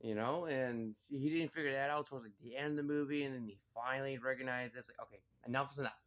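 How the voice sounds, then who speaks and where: A man talks through a movie review in a loose, casual way. He rambles and leans on "like" and "you know" as he goes. His voice sits at an ordinary middle pitch. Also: fast talker, fairly bright tone.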